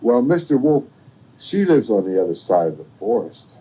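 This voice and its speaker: An older man voicing a sweet young girl in a bedtime story, in a gentle, singsong raised voice. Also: on the low side, big pitch swings, moderate pace, recorded from a distance, slight background noise. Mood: polite. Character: sweet young girl, Little Red Riding Hood. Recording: dull lo-fi home recording.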